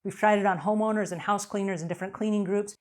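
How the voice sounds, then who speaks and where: A woman's voice: medium pitch, fairly even intonation, fast, a little mellow. Upbeat, emphatic woman hosting an advice show. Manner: upbeat, emphatic, acts out quotes. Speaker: host answering cleaning questions. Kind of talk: energetic advice show talk.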